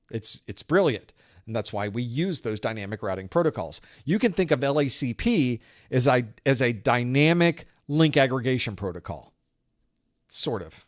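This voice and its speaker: Man teaching a live networking study group. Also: mid-range voice. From Southern United States. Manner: conversational, explains with analogies and playful sound-effect narration. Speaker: IT certification instructor hosting a live study group.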